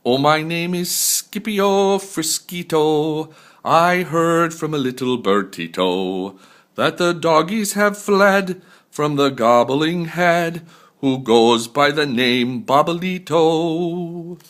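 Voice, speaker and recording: A man's voice: on the low side, lively intonation, takes it slowly, sharp tone, heavily acted. An older man voicing a boastful young boy kitten who plays a Chihuahua, with an exclamatory put-on Spanish accent. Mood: singing.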